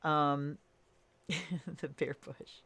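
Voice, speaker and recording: A woman doing a casual tarot reading, thinking aloud in a relaxed way with fillers and soft laughs. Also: deep voice, very slow, husky. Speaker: tarot reader.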